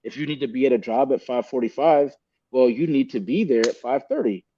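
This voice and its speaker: A man's voice: mid-range voice, expressive, a little fast, mellow, muffled recording, slight background noise. A man speaking as a podcast guest, earnest and rambling, often calling the host "man" and "bro". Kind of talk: candid podcast conversation.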